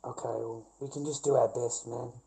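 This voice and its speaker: A man's voice: medium pitch, steady tone, moderate pace, creaky, dark tone, low-quality recording. An Australian man rambling through a livestream monologue, swearing constantly, repeating himself and calling listeners mate and bro.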